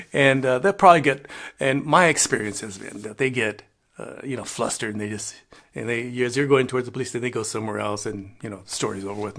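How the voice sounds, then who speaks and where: A man's voice: on the high side, fairly bright tone. An older man telling rambling travel stories in a casual vlog, chuckling and dropping in Spanish phrases. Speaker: travel vlogger. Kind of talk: casual storytelling monologue.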